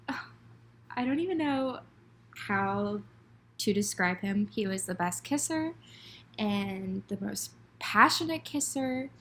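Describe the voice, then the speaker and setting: A bright, lively young woman in her twenties tells a dating story on a casual podcast, giggling and gushing as she goes. She speaks with a slightly high voice and fills her talk with "like". Her words spill out in bursts. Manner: gushing, giggly, heavy use of "like". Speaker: podcast co-host.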